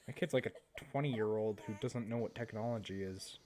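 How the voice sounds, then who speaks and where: A man's voice: lowish voice, a little fast, darkish tone. A teenage boy doing casual reaction commentary, rambling and chatty, laughing at his own jokes. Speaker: YouTuber reacting to videos.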